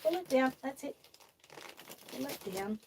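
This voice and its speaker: A woman's voice: sits high, expressive, unhurried, vocal fry, darkish tone, slight background noise. Aussie lady on a chatty livestream, sing-songy and fond, reads out comments, laughs a lot. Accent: Australian. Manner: chatty, coaxing a doll in a fond sing-song voice; reads viewer comments aloud, laughs often. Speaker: vlog host. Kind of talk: casual live-stream chat.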